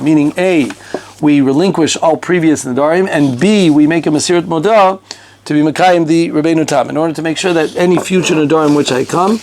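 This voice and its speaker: A man teaching a conversational halacha lesson, animated and talkative, mixing Hebrew and Yiddish terms into his English. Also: a little high. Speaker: Torah teacher.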